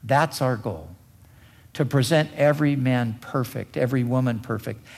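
A man preaching a sermon as pastor, with deliberate emphatic repetition. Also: medium pitch, gravelly, a little mellow.

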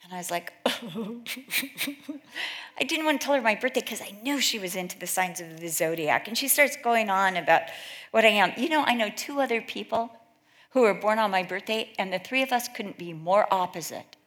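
A woman's voice: medium pitch, lively intonation, a little fast, fairly bright tone. A middle-aged woman from California giving an informal talk to a women's Bible study, chatty and full of anecdotes where she acts out what other people said. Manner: chatty storytelling, acts out quoted voices.

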